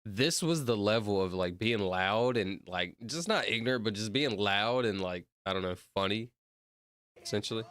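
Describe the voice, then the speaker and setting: A man's voice: lowish voice, moderate pace, a bit bright, no echo. A young man streaming, chatting casually in a rambling, slangy way and calling people bro. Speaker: streamer counting out loud. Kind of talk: casual livestream chat.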